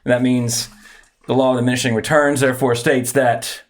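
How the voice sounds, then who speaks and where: A man's voice: medium pitch, little pitch movement, moderate pace. A man hosting a casual podcast, rambling and correcting himself as he sets up a segment. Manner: rambling, self-correcting, chuckles often. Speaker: podcast host.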